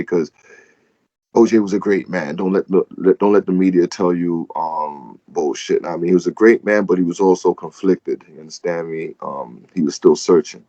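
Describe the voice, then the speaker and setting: A man's voice: low voice, steady tone, normal speed, mellow, no echo, muffled recording. A man co-hosting a casual podcast, talking loosely with lots of fillers. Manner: loose and conversational, many "um"s and "man"s. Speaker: podcast co-host.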